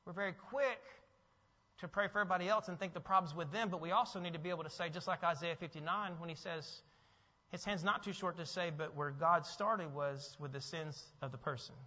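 A man preaching a sermon as pastor, animated and asking his listeners questions. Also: a little high, a little fast. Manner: animated, asks the audience questions. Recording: dull, with long hall reverb.

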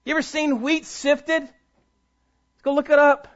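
A man with a very high voice preaches to his congregation from the pulpit. He reads scripture aloud and speaks straight to the listeners, swelling to loud peaks and sinking to near whispers. The church recording sounds dull and muffled. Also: little pitch movement, slow. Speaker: pastor. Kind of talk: sermon. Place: church sanctuary before a congregation.

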